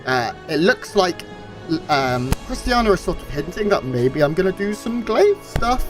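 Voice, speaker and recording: A man giving relaxed, analytical color commentary on a strategy game match, with frequent fillers. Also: high-pitched, normal speed, music in the background. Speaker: esports co-caster.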